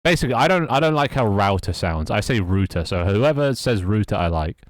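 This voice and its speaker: A man's voice: lowish voice, lively intonation, fairly quick, dry recording, studio quality. A British man streaming live, muttering and swearing at his code between casual chats with his viewers. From Britain. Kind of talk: casual live-stream chat while coding.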